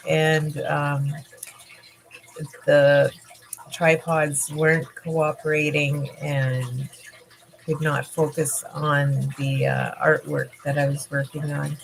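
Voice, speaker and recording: A middle-aged woman chatting casually on a livestream from home. Her voice sits low and her pace is very slow, full of pauses and fillers. She sounds tired and yawny, and laughs often as she talks. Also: flat delivery, creaky. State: tired, yawning. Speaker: livestream host.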